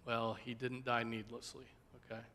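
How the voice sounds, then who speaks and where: A man's voice: mid-range voice, little pitch movement, moderate pace, sharp tone. A man, a pastor, teaching a Sunday school class in an earnest sermon style. He often checks in with the listeners with "right?" and "okay?" and ends by praying aloud. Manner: ends in a spoken prayer.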